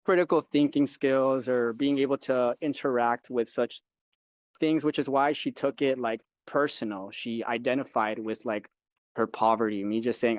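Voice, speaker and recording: Guest: young man, loose profane storyteller, mid-pitched, dull lo-fi mic. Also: moderate pace, dry recording. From United States. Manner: rambling, profane storytelling full of fillers. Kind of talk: casual chat.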